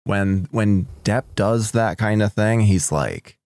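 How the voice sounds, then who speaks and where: A man's voice: on the low side, takes it slowly, darkish tone, no echo, clean studio sound. A man co-hosting a podcast, joking and laughing often as he talks casually about a movie. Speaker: podcast co-host. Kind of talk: casual movie-discussion chat.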